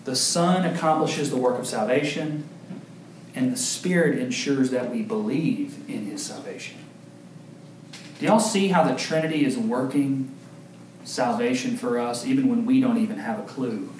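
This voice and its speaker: A young adult man preaching a sermon as pastor, earnest and emphatic, telling stories with lively acted quotes. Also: moderate pace. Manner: animated storytelling with acted quotes, big pitch jumps. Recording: echoey room with faint ambient noise.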